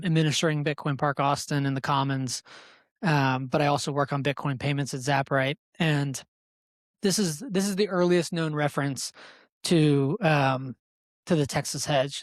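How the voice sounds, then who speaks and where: A man's voice: a little high, no echo. Chatty man hosting a panel, dry sound. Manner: chatty, lots of fillers and restarts. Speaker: event host and moderator. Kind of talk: casual live panel introduction.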